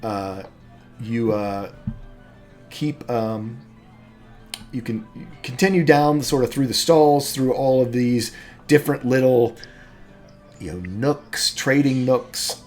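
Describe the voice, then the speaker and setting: A man's voice: mid-range voice, a little mellow. A man narrating a tabletop role-playing game as game master, rambling with lots of fillers.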